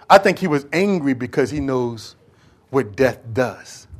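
A pastor preaching a sermon, swinging from hushed lines to loud bursts and acting out scenes from scripture. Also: male voice, mid-range voice. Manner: acts out dialogue with Bible figures.

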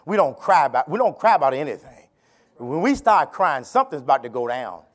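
A bishop preaching a sermon at a church service, calling out to the congregation and building to shouts, repeating phrases for emphasis. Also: male voice, on the high side, big pitch swings, moderate pace. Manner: repeats phrases, tells listeners to turn to neighbor.

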